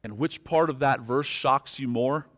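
Male pastor preaching in a reverberant hall. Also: medium pitch. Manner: swings from quiet and slow to loud and fervent; direct, pleading with listeners. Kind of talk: sermon. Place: church sanctuary.

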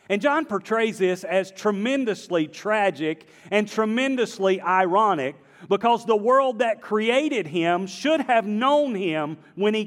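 A man with a slight Southern accent preaching a sermon, moving between emphatic declarations and quiet, conversational storytelling. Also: high-pitched, big-room sound. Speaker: pastor. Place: church sanctuary.

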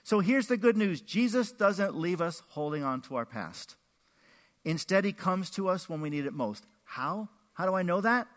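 A man pastor preaching a sermon, animated, acting out quotes with big swings in his voice. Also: high-pitched, normal speed. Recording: echoey hall with long reverb.

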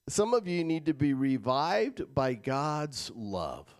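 A man preaching a sermon as pastor, shifting between loud emphatic lines and quiet, casual asides to the congregation. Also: fairly high pitch, big pitch swings, slow. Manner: casual, addresses crowd as guys.

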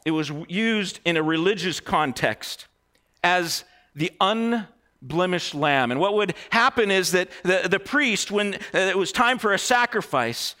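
A man preaching a sermon in an expressive, emphatic way, swinging between hushed and excited delivery. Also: high voice.

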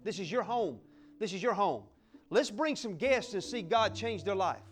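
Male pastor, high lively voice, fiery sermon delivery, faint music underneath. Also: normal speed. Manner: fiery, exuberant preaching with whoops and acted-out little scenes.

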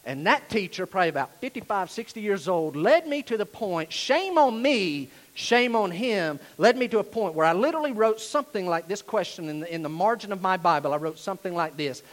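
A high-voiced male pastor with a drawl delivers a sermon. He leans hard on key phrases, then drops to quiet, confiding asides. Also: sing-song, fairly quick, hardly any pauses, low-quality recording. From Asheville, North Carolina, USA. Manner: emphatic, swings between loud declarations and hushed asides.

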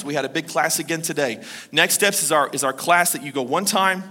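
A man preaching a sermon as pastor, emphatic, quoting scripture with dramatic pauses. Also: fairly high pitch, bright, forceful tone, in a large hall.

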